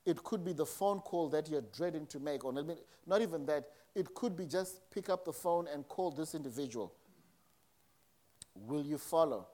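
A man's voice: fairly high pitch, expressive, moderate pace, mellow. A man preaching a sermon in a conversational way, acting out quotes as he retells a story. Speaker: pastor.

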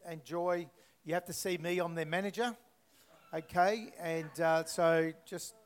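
A man's voice: a little high, steady tone, a little slow, clear, resonant tone. A man leading a church prayer and telling a faith story, chatty and rambling with fillers and restarts. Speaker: church speaker.

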